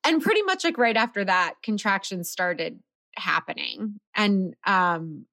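A woman in her thirties casually telling her birth story as a podcast guest, animated and laughing often. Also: medium pitch, a little slow, no room sound, clean studio sound.

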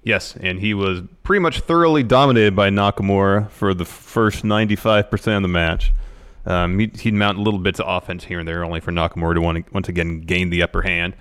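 A man with a low, smooth and resonant voice co-hosting a casual podcast. He recounts match action in a steady, even way, trading short agreements with his co-host. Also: a little fast. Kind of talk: casual wrestling recap chat.

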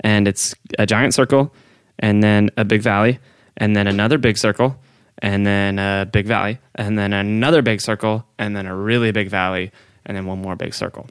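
A man with a gravelly voice chats on a podcast, rambling and laughing as he explains things. The mic sound is dry and close. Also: on the low side, fairly even intonation, normal speed, no room sound. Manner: giggly, rambling, keeps breaking into laughter. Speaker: podcast co-host explaining a topic. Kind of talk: casual podcast chat.

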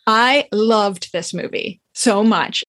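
A woman's voice: mid-range voice, takes it slowly, no echo. Chatty woman podcast host. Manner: chatty, animated retelling with acted-out quotes. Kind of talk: casual chat.

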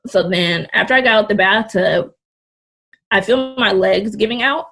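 A woman's voice: mid-range voice, normal speed, pushed and bright. A young woman in her twenties, a podcast guest, telling a story in casual, candid, blunt talk and swearing freely. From California Bay Area.

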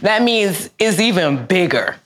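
Low-voiced woman giving earnest faith talk. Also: sing-song, unhurried. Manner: earnest, preacherly, builds emphasis. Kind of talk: faith-based motivational talk.

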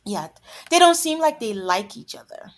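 A woman co-hosting a podcast in casual chat, laughing often and trailing off softly. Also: on the high side, very animated, moderate pace. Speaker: podcast co-host.

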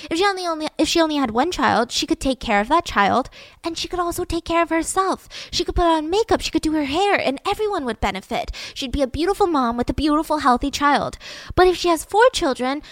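A woman casually telling a true-crime story to a co-host, lively and animated, swearing now and then. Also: high-pitched, no room sound.

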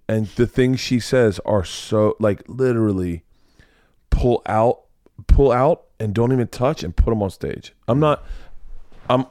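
Profane, animated man telling stories. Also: lowish voice, no echo, studio quality. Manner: profane, animated storytelling, acts out voices. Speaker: comedian podcast host. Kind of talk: casual chat.

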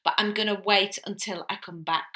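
Woman, middle-aged, casual podcast chat, chatty storyteller, crisp bright tone. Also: medium pitch. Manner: chatty, quick to laugh, lively storyteller. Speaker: podcast co-host.

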